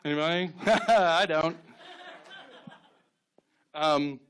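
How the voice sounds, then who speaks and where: A man in his thirties doing stand-up on a club stage, telling deadpan stories and acting out short quotes. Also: fairly high pitch, smooth. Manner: deadpan storytelling with quick acted-out quotes. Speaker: stand-up comedian. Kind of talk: stand-up set.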